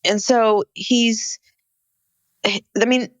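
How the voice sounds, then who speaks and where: A woman's voice: a little high, drawn-out words, dry recording. A woman co-hosting a podcast, chatting casually and animatedly as she recaps a reality show. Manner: animated, exclaims about frantic scenes. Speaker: podcast co-host.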